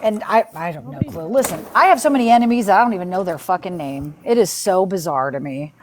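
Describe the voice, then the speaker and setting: A woman's voice: lowish voice, animated, fast, slight background noise. A woman hosting a live stream, chatting casually and retelling arguments with quoted back-and-forth, rambling and exasperated. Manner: chatty storyteller who acts out quoted exchanges; exasperated, rambling and full of restarts.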